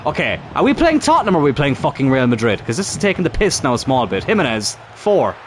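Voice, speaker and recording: A man's voice: medium pitch, huge pitch swings, fast, slight background noise. A man commentating his own football game as he plays, exasperated and swearing, urging on his players. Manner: frustrated, swearing, talks to the players on screen. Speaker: gaming YouTuber playing a football career mode. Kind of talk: live gameplay commentary.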